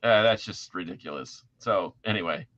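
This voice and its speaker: A man's voice: deep voice, moderate pace, a bit bright, lo-fi sound, a little hiss or hum. A man co-hosting a casual podcast chat, wry and given to short interjections. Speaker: podcast co-host.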